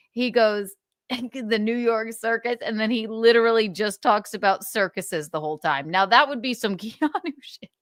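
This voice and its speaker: A woman's voice: medium pitch, no echo, clean studio sound. A woman hosting a livestream, chatting casually and giggling as she reacts to a clip. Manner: giggly, musing aloud. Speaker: livestream host.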